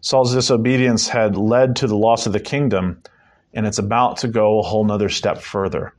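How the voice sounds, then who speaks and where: A man's voice: lowish voice, fairly even intonation, moderate pace. A man preaching a conversational Bible-teaching sermon, emphatic and dropping in joking asides.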